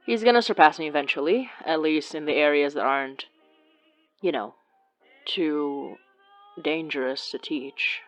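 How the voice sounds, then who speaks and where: A woman's voice: sits low, a little slow, long pauses, rough recording. A woman playing a wry witch from the Philippines in an audio drama, teasing and dry, with faint music behind her. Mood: weary.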